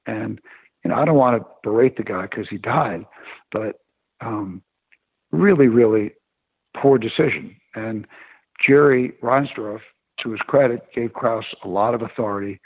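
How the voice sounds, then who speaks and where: A man and former sports agent telling stories in a radio interview, animated and opinionated. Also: on the low side, unhurried, slightly rough, dry recording. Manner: animated storyteller. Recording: tinny phone-line radio sound.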